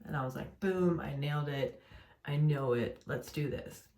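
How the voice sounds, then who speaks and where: A woman's voice: low voice, moderate pace, darkish tone. A young woman venting late at night at home, in pain and worn down, rambling with lots of fillers and self-corrections. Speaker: vlogger. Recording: roomy echo.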